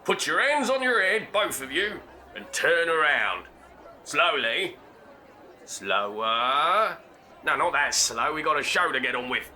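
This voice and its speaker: An actor playing a brusque, bumbling police inspector who barks commands in a comic radio play. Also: male voice, a little high, big pitch swings, a little slow, bright, forceful tone, a faint crowd, exaggerated voice. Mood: commanding. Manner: barking, commanding.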